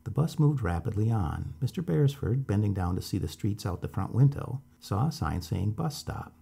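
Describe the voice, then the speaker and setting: Gravelly, low-voiced male storyteller. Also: lively intonation, moderate pace, mellow. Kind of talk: bedtime story reading.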